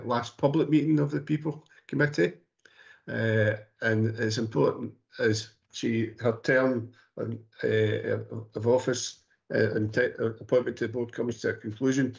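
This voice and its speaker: Man, committee chair, gravelly voice, halting with fillers, muffled stream audio. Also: medium pitch. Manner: halting, many fillers and restarts. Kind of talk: formal meeting chairing.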